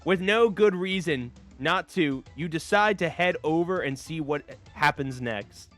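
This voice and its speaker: A man streaming a dating game, reading it aloud with animated, laughing, rambling asides. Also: fairly high pitch, measured pace, soft background music. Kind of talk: casual gameplay commentary.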